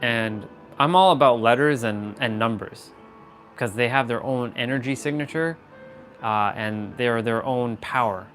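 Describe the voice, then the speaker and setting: A man hosts a casual motivational livestream, rambling and playing with words as he talks to his chat over a phone or laptop mic. His mid-range voice is measured and a bit bright, with faint music behind it.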